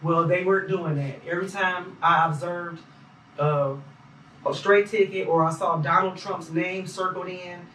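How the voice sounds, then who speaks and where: A man's voice: high voice, steady tone, a little slow, pushed and bright, slight background noise. A man recounting what he observed as a poll challenger in an emphatic, detailed way, recorded in an echoey room from a distance. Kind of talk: interview testimony.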